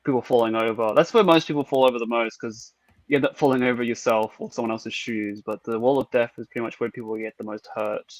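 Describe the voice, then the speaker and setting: A man's voice: mid-range voice, steady tone, quick pace, no echo. A man with an Australian accent, a musician guest, chatting eagerly with lots of fillers. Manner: enthusiastic, filler-heavy. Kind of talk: casual chat.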